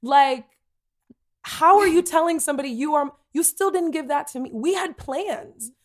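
A woman talking candidly in a casual conversation, animated and given to playful put-on voices. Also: sits high, normal speed.

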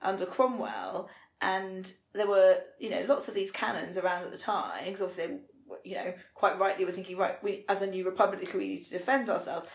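A woman's voice: medium pitch, brisk, vocal fry, reverberant. A woman co-hosting a podcast, chatting enthusiastically and thinking aloud as she recaps a TV episode. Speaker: podcast co-host. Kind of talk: casual chat recapping a TV episode.

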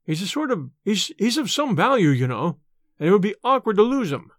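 A man's voice: high-pitched, very animated, fairly quick, dry recording, clean studio sound. A man voicing a nervous young student who stammers and hurries his words evasively, in an audiobook reading. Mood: flustered.

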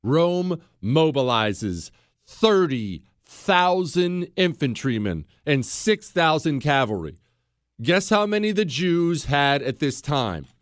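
A man's voice: on the high side, big pitch swings, takes it slowly, no echo, studio quality. A man hosting a history podcast, telling the story in a casual, conversational way and talking straight to the listener with asides. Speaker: podcast host.

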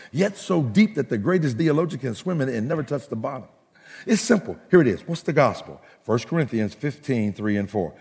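Gravelly, emphatic male preacher. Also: mid-range voice, darkish tone, in a large hall. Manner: rhythmic, emphatic, humorous, call-and-response. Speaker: pastor. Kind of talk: sermon.

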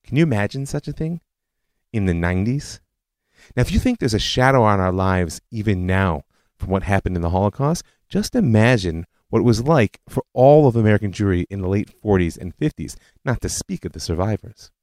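A man's voice: fairly low pitch, expressive, fairly quick, a little mellow, dry recording. A man hosting a history podcast, telling it as a story with conversational asides. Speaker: podcast host. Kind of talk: scripted history narration.

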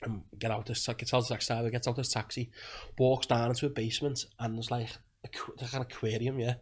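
A man's voice: mid-range voice, flat delivery, fast talker, slight background noise. A man telling a rambling, crude holiday story on a podcast, laughing and swearing as he goes. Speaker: podcast guest. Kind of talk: casual chat, storytelling.

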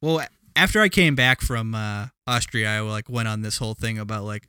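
A man's voice: fairly low pitch, a little fast, noisy background. A man co-hosting a podcast in casual chat, joking and rambling with plenty of fillers. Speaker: podcast co-host.

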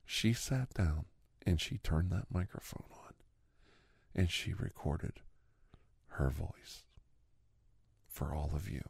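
A man in a whispered role-play speaks slowly in a very deep, gravelly voice. He rambles with earnest sentiment and drops into soft whispered asides. The sound is dry and close, with a dark, husky tone. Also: animated, no room sound. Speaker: host playing a doctor character.

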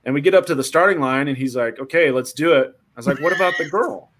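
A man's voice: a little high, fast talker. A man telling a funny story in casual chat, acting out voices and reactions. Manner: animated, acts out voices in quotes.

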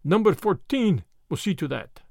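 A man voicing a businesslike German agent with a clear, precise voice. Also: high voice, very animated, normal speed, a little mellow, dry recording, studio quality, full character voice. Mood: formal.

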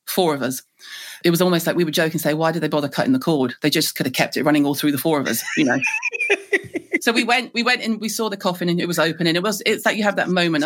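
A middle-aged woman from Liverpool with a Scouse accent, a guest telling lively stories in a podcast interview. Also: deep voice. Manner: lively, animated storyteller.

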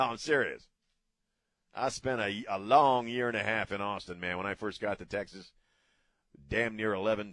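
A man's voice: on the low side, fairly bright tone, no room sound. Blunt, ranting middle-aged man. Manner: blunt, ranting, casual cursing. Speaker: radio talk show host. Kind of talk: opinionated radio talk.

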